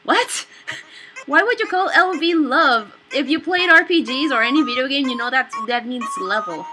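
A young woman giving excitable, animated let's play commentary on a video game. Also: sits high, normal speed. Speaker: gamer.

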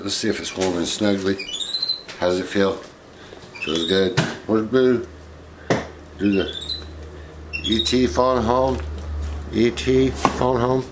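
A man with a lowish voice, talking to his pet in a relaxed, playful, coaxing way and chuckling often. He is recorded at home on a home video with a steady hiss of noise behind him. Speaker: pet vlog host. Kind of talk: casual chat with a pet while unboxing. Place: home living room.

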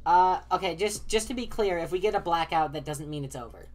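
A woman hosting a casual let's-play with friends on a voice call, excitable and swearing freely as she talks over the others. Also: lowish voice, a little fast. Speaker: host and player.

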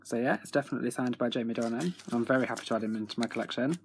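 A young man with a freely swearing, excitable manner, chatting casually at home in a video diary. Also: mid-range voice, rapid-fire, slight background noise. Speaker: autograph collector vlogger.

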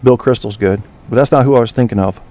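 A podcast host with a medium-pitched, dark-toned voice talks quickly on his online talk show. He chats casually with listeners, rambling, swearing, and trailing off as he searches for names.

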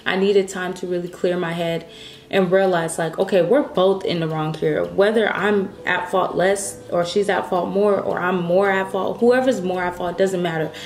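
A woman's voice: lowish voice, fairly even intonation, normal speed, a little mellow. Upset woman venting in an echoey room. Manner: rambling, restarts sentences, swears. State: upset, close to tears. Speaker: vlogger. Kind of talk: casual vlog monologue. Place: at home, indoors.

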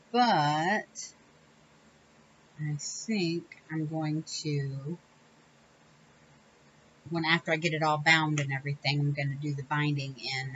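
A woman's voice: low voice, highs cut off, slight background noise. Chatty woman crafting at home. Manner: chatty, rambling, self-correcting with small laughs. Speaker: crafting channel host. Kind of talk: casual crafting tutorial chat.

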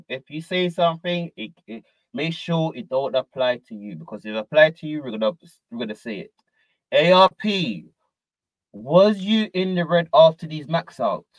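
A man's voice: fairly high pitch, no room sound, low-quality recording. A man hosting a reaction show, commenting animatedly and calling out names in repeated bursts. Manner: animated, repetitive, calls out names. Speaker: host.

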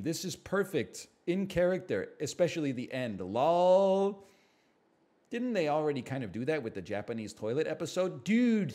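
A man's voice: on the high side, a little mellow. A man streaming live, chatting casually in a sarcastic, mock-outraged way that swings into ranting.

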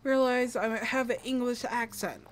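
A woman's voice: on the high side, moderate pace, a little hiss or hum. A young American woman streaming a game, chatting casually and playfully, a bit dramatic by her own account. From US East Coast. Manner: playful, self-described dramatic. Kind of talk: casual live-stream chat.

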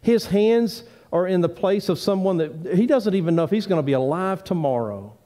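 A man's voice: high-pitched, animated, normal speed. Earnest male pastor preaching. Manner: earnest preaching with rising emphatic pleas and quieter asides. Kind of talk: sermon. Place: church sanctuary.

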